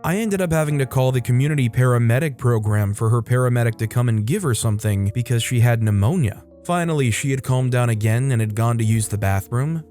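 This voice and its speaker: A man's voice: medium pitch, warm tone. A man narrating online stories aloud in a casual way, adding joking asides for his listeners. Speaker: story narrator.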